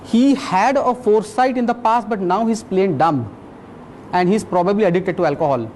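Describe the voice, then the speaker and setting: A man voicing a shrewd male detective who lays out his deductions slowly and calmly, in much his own voice. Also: sits high, a little hiss or hum, lightly acted. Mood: deliberate. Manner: slow, deliberate explaining.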